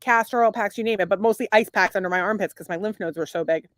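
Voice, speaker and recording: A woman's voice: mid-range voice, fast, dry recording, studio quality. A middle-aged woman co-hosting a casual married-couple podcast, crude and rambling, laughing often. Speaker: podcast co-host.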